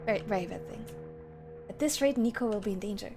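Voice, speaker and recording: A woman's voice: mid-range voice, fast talker, over music, lightly acted. A woman reading as an anxious pleading robot.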